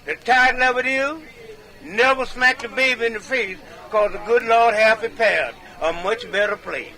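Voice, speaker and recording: A man with a very high, sharp voice spins comic tall tales the way a medicine show comedian would. He drawls in a folksy way and chuckles between punchlines. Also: moderate pace, rough recording. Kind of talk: comic tall-tale storytelling.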